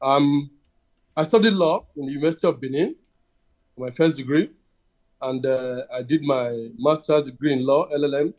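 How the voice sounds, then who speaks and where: A Nigerian man, a lawyer, introducing himself on a video call in a measured, halting way. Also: fairly high pitch, a little mellow. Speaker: guest, lawyer.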